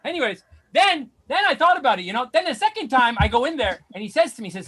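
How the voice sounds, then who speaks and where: A man doing a stand-up set over a video call, ranting in exasperation and rising to outraged shouts. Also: very high-pitched, big pitch swings, fast talker, few pauses, breathy edge. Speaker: stand-up comedian.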